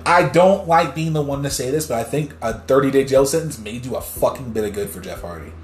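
A man hosting a casual news commentary podcast, swearing freely and getting loud when worked up, who also reads news articles aloud with a few stumbles. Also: medium pitch, a little fast, echoey room, faint music behind. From New Jersey. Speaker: podcast host.

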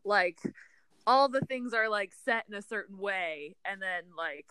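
A woman's voice: medium pitch, lively intonation, measured pace, pushed and bright, smooth, no room sound. A woman hosting a casual podcast chat, telling a story in a chatty, giggly way with many fillers. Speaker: podcast host.

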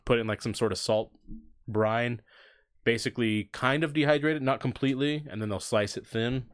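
A man's voice: mid-range voice, moderate pace. A man chatting casually on a podcast, rambling in a laid-back way with plenty of fillers. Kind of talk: casual comedic chat.

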